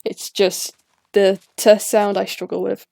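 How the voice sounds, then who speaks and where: A young woman from the English Midlands with a Midlands accent, chatting casually while gaming, her th sounds softened. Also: mid-range voice, level tone, measured pace, gravelly. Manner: soft-edged th sounds, chatty and easygoing. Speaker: gaming channel host. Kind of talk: casual chat while playing.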